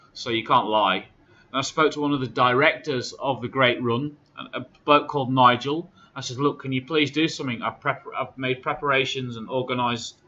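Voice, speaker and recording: Aggrieved man, bright tone. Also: medium pitch, dull audio. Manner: aggrieved, recounting phone calls with indignant quotes. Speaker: charity runner. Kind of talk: casual vlog update.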